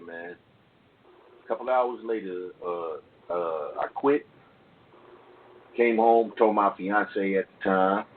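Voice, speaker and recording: A middle-aged man speaks as an interview guest, his voice sitting a little low. He tells his stories in loose street slang, often tagging his sentences with "man" and "you know what I'm saying". The sound is thin and phone-like, with a faint hiss underneath. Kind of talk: casual storytelling in an interview.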